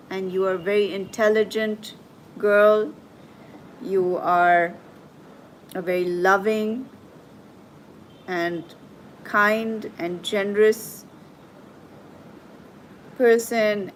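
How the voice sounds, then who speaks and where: A woman hosting a live tarot and coaching stream, talking gently and reassuringly to her viewers as she reads their comments. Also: mid-range voice, slight background noise, low-quality recording. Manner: soothing, reassuring, slow and gentle.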